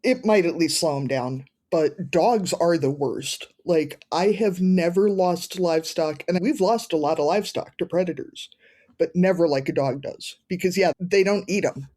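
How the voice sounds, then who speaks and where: A podcast host in relaxed conversation who keeps cracking wry, folksy jokes. The pitch sits in a middle range. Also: normal speed. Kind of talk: casual chat.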